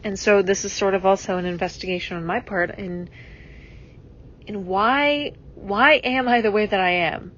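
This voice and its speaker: A woman's voice: mid-range voice, normal speed, fairly bright tone, highs cut off. A young adult woman hosting a solo podcast, musing reflectively and rambling with many fillers and restarts. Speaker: podcast host.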